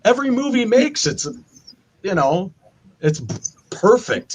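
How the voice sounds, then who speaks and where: A man's voice: high voice, measured pace, pauses often, a little hiss or hum. A man co-hosting a casual chat show, telling stories animatedly and acting out quotes in other voices. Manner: animated storytelling, acts out quotes. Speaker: podcast co-host.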